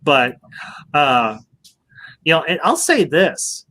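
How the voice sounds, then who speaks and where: Host: man, bright and tense in tone, chatty, emphatic reviewer who stumbles over his words. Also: a little high, sing-song, takes it slowly. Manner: emphatic, keeps saying "I'll say this"; frequent word restarts. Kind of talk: casual movie review chat.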